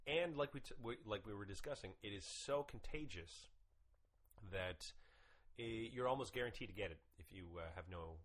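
A man's voice: on the low side, normal speed, poor audio. A man hosting a podcast, talking casually with lots of swearing and rants. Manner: animated, profane, ranting. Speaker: podcast host.

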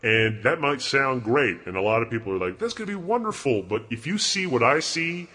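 A man playing a crude, contemptuous God in a comedy bit, talking in a profane, rambling, mocking way with a husky voice. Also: mid-range voice, animated, fairly quick, bright, forceful tone. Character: crude arrogant male God, bored and contemptuous.

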